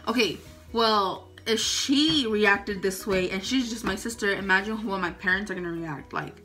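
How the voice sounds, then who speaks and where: A young woman telling a personal story in a casual vlog, halting and full of fillers. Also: mid-range voice, pushed and bright. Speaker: vlogger. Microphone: phone.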